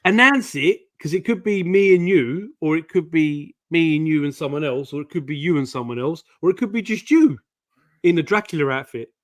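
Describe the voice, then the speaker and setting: A man's voice: a little high, expressive, moderate pace, no room sound. A man chatting casually as co-host of a live stream, jokey and rambling with many restarts.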